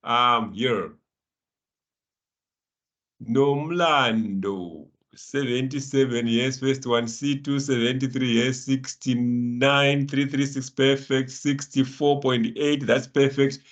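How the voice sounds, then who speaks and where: A man's voice: mid-range voice, fairly even intonation, takes it slowly. A man teaching a live online finance class, encouraging students by name and laughing often. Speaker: lecturer.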